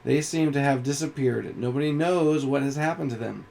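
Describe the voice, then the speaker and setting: A man reads out a mysterious star calling over a loudspeaker, hesitant at first and then pleading and urgent. The voice is gravelly and sits a little higher than his usual talk. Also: moderate pace, natural voice. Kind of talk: reading a game's story aloud.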